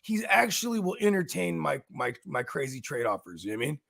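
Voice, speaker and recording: A man with a high, gravelly voice that swings up and down as he banters. His tone is husky and loose, full of slang and easy laughs in a relaxed co-host chat. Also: fairly quick, dry recording. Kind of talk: casual chat.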